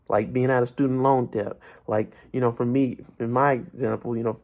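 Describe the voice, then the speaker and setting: A man's voice: mid-range voice, darkish tone. Young man giving a rousing devotional vlog talk. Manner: preachy, rousing, rhetorical questions to viewers. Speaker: Christian vlogger.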